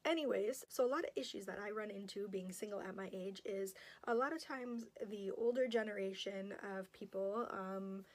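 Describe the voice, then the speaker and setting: A woman's voice: medium pitch, moderate pace, few pauses. Candid woman in her thirties. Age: 30s. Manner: candid, emotional. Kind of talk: personal vlog.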